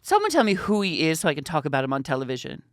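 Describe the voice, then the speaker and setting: A man voicing a cold, dismissive veteran female TV host with a flat, deadpan delivery. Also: fairly high pitch, very fast, dry recording, studio quality.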